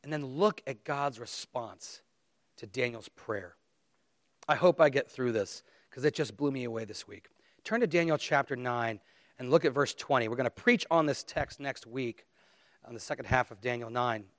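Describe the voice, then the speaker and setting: A man's voice: medium pitch, normal speed, no echo, studio quality. A man preaching a sermon, earnest and emphatic, reading scripture aloud with dramatic emphasis. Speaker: pastor.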